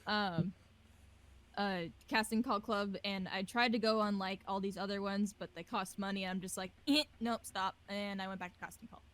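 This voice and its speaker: A woman hosting a casual podcast over a voice call, chatty and quick to laugh, swearing offhandedly. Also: mid-range voice, little pitch movement, a bit bright. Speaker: podcast host. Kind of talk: casual group chat on a call.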